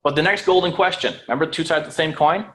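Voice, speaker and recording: A man teaching real estate sales in a room with an audience, lively, checking in with "right?" and "okay?" and acting out phone calls. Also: a little high, fast, rough recording. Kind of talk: live sales training talk.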